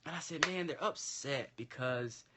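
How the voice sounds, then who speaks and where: Against a noisy background, a man with a fairly high voice talks a little slowly, casually telling his co-host a long story. He's animated and acts out the voices of the people he quotes.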